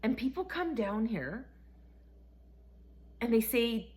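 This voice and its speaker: A woman's voice: a little high, slow pace. Chatty laughing woman telling a story. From Canada. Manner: chatty, animated, laughs often, acts out quotes. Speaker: vlogger. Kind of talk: casual storytelling monologue.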